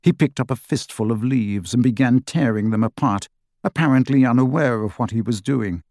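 A man reading a story aloud as an audiobook narrator, in a measured, expressive way. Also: medium pitch, dry recording, studio quality. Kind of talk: scripted narration.

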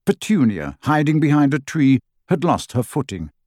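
A man reading a story aloud as an audiobook narrator, in a measured, expressive way. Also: on the high side, no room sound, clean studio sound. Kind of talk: scripted narration.

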